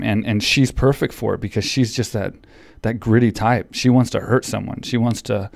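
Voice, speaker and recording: A man's voice: on the low side, steady tone, normal speed, gravelly, darkish tone, no room sound, studio quality. A man hosting a podcast in casual chat, still a little out of breath, rambling with many restarts. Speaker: podcast host and coach. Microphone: studio podcast mic.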